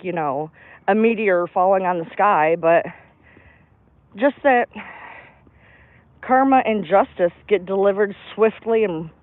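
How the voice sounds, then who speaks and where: A woman's voice: medium pitch, dry recording. A woman on a livestream, venting bluntly and emphatically and swearing freely as she talks. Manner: blunt, profane, emphatic ranting. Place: outdoors in a park. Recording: tinny phone-like, dry sound.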